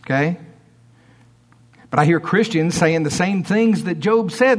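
Male preacher, folksy and emphatic, a touch higher-pitched than most men, jumps between big loud lines and soft asides. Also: unhurried, pauses often. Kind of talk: sermon. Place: church.

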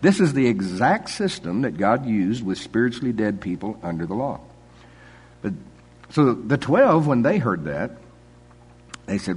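A man's voice: mid-range voice, very animated, unhurried, pauses often, darkish tone, husky. An older man preaching a sermon in a folksy, conversational way, chuckling often.

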